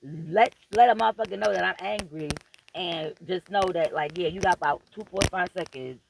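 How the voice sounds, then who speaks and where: A woman's voice: on the low side, normal speed, creaky, noisy background. A woman vlogger giving a profane, emphatic and preachy motivational rant straight to her viewers, repeating phrases for emphasis.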